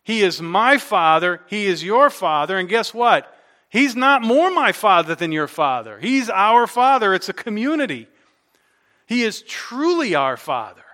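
A man delivers a sermon in a high-pitched voice. He keeps it conversational, tossing rhetorical questions at the listeners. His tone is bright and forward. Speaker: pastor.

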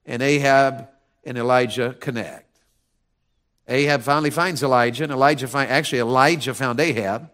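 A man's voice: mid-range voice, normal speed, fairly bright tone. A man preaching a sermon in a folksy, fervent, emphatic way.

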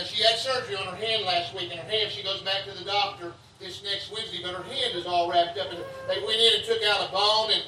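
A man preaching at a tent revival in a high, bright voice, folksy and repetitive, calling on the crowd to say lines back to him. The sound is echoey and picked up from a distance, with faint ambient noise behind it. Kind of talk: revival sermon.

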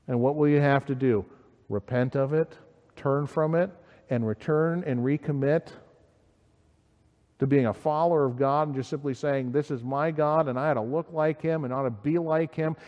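Earnest preaching man in a hall. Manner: earnest, rising emphatically then dropping low and quiet. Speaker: pastor. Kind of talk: sermon. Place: church sanctuary.

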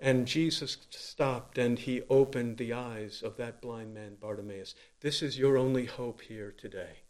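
A man preaching a sermon in an earnest voice, swinging from loud emphatic lines to quiet low ones. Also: a little slow.

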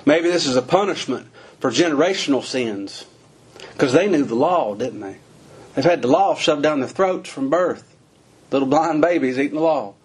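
A man's voice: on the high side, lively intonation, moderate pace, slightly rough. A man preaching a sermon in a folksy, questioning way, using plain rural phrasing and asking lots of rhetorical questions.

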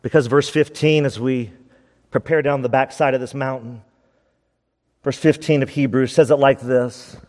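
A man's voice: mid-range voice, fairly even intonation, normal speed, a little mellow. A man preaching a sermon as pastor, urgent and pleading, repeating his points with emphasis. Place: church sanctuary. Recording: long reverb of a church hall.

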